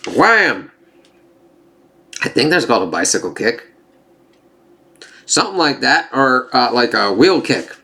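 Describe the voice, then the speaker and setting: A man talking through a comic issue in a loose, profane way. He trails off, corrects himself, and acts out the panels' dialogue in brighter, higher voices. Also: big pitch swings, a little slow, creaky, pauses often. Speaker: comic book reviewer. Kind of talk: casual spoiler review, reading panels aloud.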